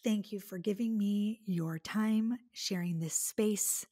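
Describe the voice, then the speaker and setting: A middle-aged woman from the Detroit area talks through her podcast alone, gushing and filler-heavy. Her voice sits at a middle pitch with a husky, slightly breathy grain. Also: slow, dark tone. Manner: chatty and effusive, many fillers. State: tearful. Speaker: podcast host. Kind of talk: casual solo podcast monologue.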